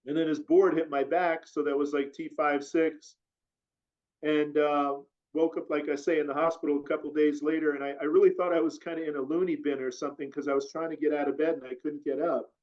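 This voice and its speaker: A man's voice: fairly high pitch, brisk. A man telling a long personal story as an interview guest, rambling and full of fillers. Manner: rambling, filler-heavy, animated retelling. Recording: dull lo-fi audio.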